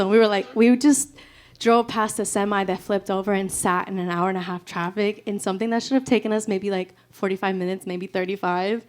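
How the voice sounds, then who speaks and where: A woman singer chatting casually with her audience between songs at a small live music venue, giggly and loose, full of "like" and "y'all". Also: mid-range voice. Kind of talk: casual stage banter with an audience.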